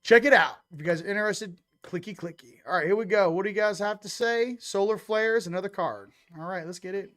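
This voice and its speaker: A man hosting a casual livestream, giving hyped shout-outs and rambling loosely to viewers. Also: high voice, a little fast, hardly any pauses. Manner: loose, rambling, repeats "ladies and gents". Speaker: host.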